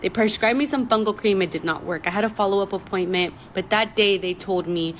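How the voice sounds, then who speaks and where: A woman's voice: mid-range voice, fairly quick, hardly any pauses, low-quality recording. A young woman recounts a story straight to camera in a loose, rambling way, her emotion close to the surface. She leans on "like" constantly. A faint hiss of background noise sits under her voice. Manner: emotional, rambling, many "like" fillers. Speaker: storytime vlogger. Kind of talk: casual storytelling.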